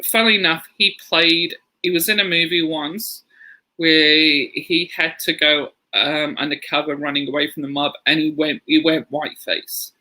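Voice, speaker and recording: Male podcast co-host, casual rambling storyteller, sharp bright tone, slightly high voice. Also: fairly even intonation, moderate pace, rough recording. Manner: rambling storyteller, laughs through anecdotes. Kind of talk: casual chat.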